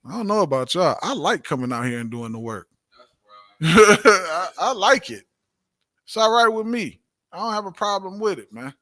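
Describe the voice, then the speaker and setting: A man's voice: high-pitched, sing-song, normal speed, pushed and bright. A man teaching a religious class, preaching emphatically, repeating his points and asking rhetorical questions. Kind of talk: preaching-style class talk.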